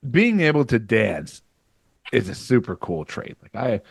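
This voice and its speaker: A man's voice: medium pitch, very animated, measured pace, vocal fry, husky, no echo. A man hosting a podcast in casual chat, loose and joking with crude humor. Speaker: podcast host.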